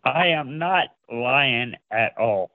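A man's voice: mid-range voice, lively intonation, slow pace, no room sound. A man on a phone call, hesitant and insistent, full of fillers. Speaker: caller. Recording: tinny phone line.

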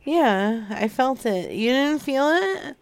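A man's voice: extremely high pitch, animated, slow pace, gravelly, smooth, heavily acted. A man playing a tipsy, flirty woman caller on a prank phone call, drawling lewd come-ons.

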